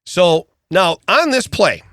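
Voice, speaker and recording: A middle-aged man co-hosting a podcast, telling an animated story in casual chat, often checking in with "okay?" and restarting his sentences. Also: sits high, takes it slowly, dry recording, clean studio sound. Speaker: podcast co-host.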